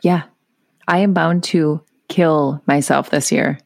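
Woman co-host, gravelly and teasing, dry close recording. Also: low-pitched, steady tone, takes it slowly, no echo. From Minnesota. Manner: teasing, joking. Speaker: podcast co-host. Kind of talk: casual chat.

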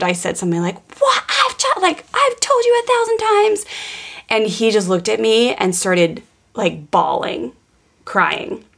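A woman in her thirties co-hosting a parenting podcast, telling family stories earnestly with lively quoted voices. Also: lowish voice, creaky. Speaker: podcast co-host, parenting coach. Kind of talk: casual podcast conversation.

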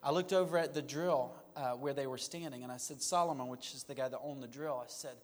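A man as a guest, telling a personal story in an animated, self-mocking way. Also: mid-range voice, a little fast, in a large hall. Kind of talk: storytelling in a conversation.

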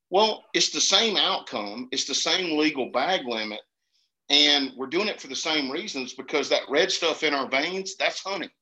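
A man from Georgia with a Southern accent, telling hunting stories in an earnest, animated way in casual conversation. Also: a little high, normal speed. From Georgia, USA. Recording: dull lo-fi sound.

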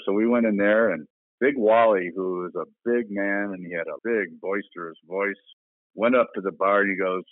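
Over a dry, phone-like line with no room sound, a man with a lowish voice casually recounts his own experiences as an interview guest. He speaks plainly and breaks into laughter from time to time.

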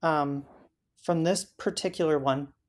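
A woman as an interview guest, telling her story in a halting way with frequent fillers. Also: low voice, fairly even intonation, a little mellow. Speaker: interview guest recounting a hike.

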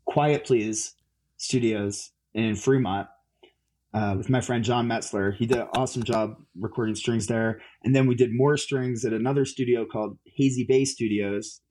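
A man's voice: medium pitch, fairly even intonation, moderate pace, darkish tone. A musician, a man, chatting as an interview guest, rambling with lots of fillers and restarts. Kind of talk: casual interview chat.

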